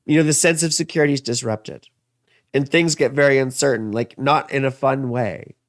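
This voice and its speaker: A man's voice: medium pitch, normal speed, no room sound, studio quality. A man in his thirties giving a casual, rambling astrology and tarot reading, full of asides and fillers.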